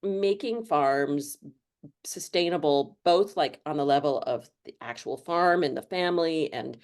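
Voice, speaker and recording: Low-voiced chatty woman author. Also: a little slow, darkish tone. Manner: chatty, rambling with many fillers. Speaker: author guest. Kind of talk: casual interview chat.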